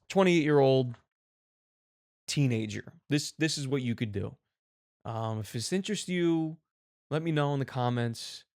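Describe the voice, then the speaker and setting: A man hosting a show, giving mock-serious, animated reaction commentary on videos and swearing casually. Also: medium pitch, vocal fry. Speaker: host.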